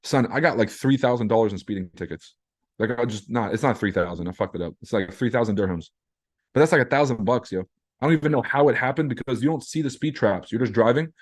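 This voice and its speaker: A man hosting a live trading stream, chatting casually in a brash, profane, joking way while reacting to chat messages. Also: medium pitch. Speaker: trading livestream host.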